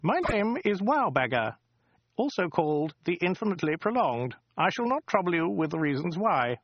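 A man's voice: high-pitched, very animated, moderate pace, no room sound, lo-fi sound, pitched above the performer's own voice, full character voice. A man voicing a fussy, officious male alien with a small, weaselly voice, for a storybook reading. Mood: prissy. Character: prim tall male alien insulter with clipboard.

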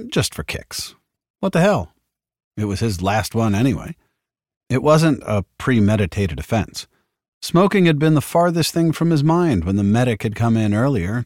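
A man's voice: lowish voice, a little mellow, no echo, clean studio sound. A man reading an audiobook chapter in a wry, sardonic storytelling manner. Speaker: audiobook narrator. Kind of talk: scripted audiobook narration.

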